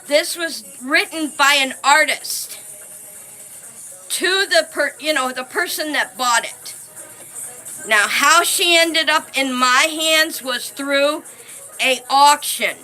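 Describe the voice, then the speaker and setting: A woman's voice: high voice, takes it slowly, soft background music, low-quality recording. A woman hosting a casual live stream, chatting to viewers, thanking them by name and speaking fondly, with frequent restarts. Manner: chatty, thanks viewers by name, warmly fond of her dolls.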